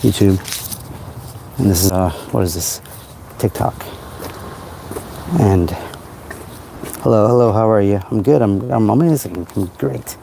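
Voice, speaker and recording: Man, low voice, warm mellow tone, rambling self-help musing, casual phone livestream, outdoors by a car at night. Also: a little slow, gravelly, long pauses, a little hiss or hum.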